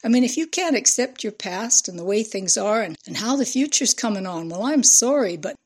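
A woman's voice: mid-range voice, animated, fairly quick, husky. A woman reading a brash young male media hustler who talks in a pushy, slangy, salesman-like way.

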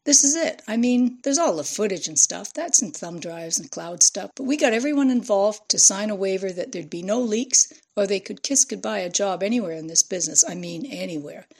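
A woman's voice: mid-range voice, expressive, fairly quick, hardly any pauses, darkish tone. A woman reading a brash young male media hustler who talks in a pushy, slangy, salesman-like way.

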